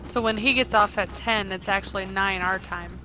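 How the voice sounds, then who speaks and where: A woman's voice: medium pitch, normal speed, pushed and bright, low-quality recording. A woman teasing her teammates and calling out plays while streaming a co-op shooter. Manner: playful, teasing, calls out plays. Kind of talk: casual gaming chat. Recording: game gunfire and noise behind.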